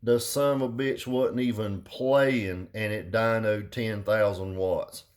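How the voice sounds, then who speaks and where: A man's voice: lowish voice, steady tone, takes it slowly. Profane drawling man ranting. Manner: profane, blunt, drawling southern slang. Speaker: car audio vlogger. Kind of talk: casual rambling rant.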